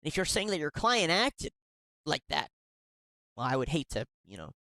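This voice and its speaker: A host with a sharp-toned, mid-pitched voice reads emails aloud in a commentary segment and answers them with indignant sarcasm. The delivery is sing-song at a normal speed, frequently stumbling and restarting partway through sentences. The recording is dry and close, lacking any room sound.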